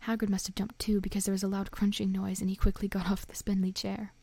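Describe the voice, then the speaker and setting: Woman reading a storybook, soft n whispery, even flat tone, really dry close sound. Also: medium pitch, fast talker, creaky, dry recording. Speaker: reader.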